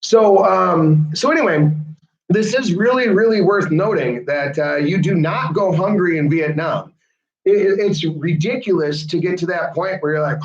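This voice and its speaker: Brief: high-pitched male host, chatty and animated, roomy lo-fi sound. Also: a little slow. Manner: chatty, animated, laughs often. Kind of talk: casual chat.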